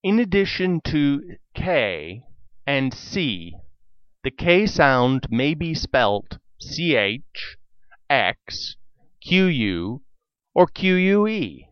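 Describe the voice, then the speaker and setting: A man with a smooth, resonant voice gives a scripted spelling lesson at a very slow, deliberate pace, spelling out letters one by one. His pitch moves lively up and down as he explains. The sound is dry and a little dull, like a lo-fi recording. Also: no room sound. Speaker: spelling teacher.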